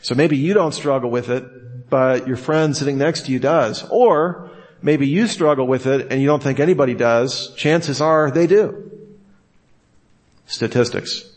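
A man's voice: medium pitch, moderate pace, a little mellow. A man teaching a class on how to give talks, who asks his listeners rhetorical questions and acts out his examples in different voices. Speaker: teacher of preachers.

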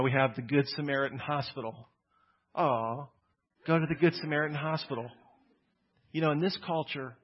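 A man's voice: a little high, slightly rough, lo-fi sound. A man preaching a conversational, emphatic sermon, often repeating words as he builds a point. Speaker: pastor.

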